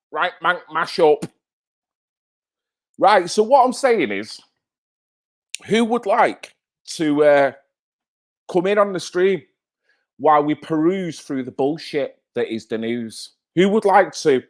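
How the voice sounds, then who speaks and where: A man's voice: a little high, lively intonation, slow pace, pauses often. A man from North Manchester with a Mancunian accent, hosting a live stream and bantering with viewers in chat, swearing freely. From North Manchester, England. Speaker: livestream host.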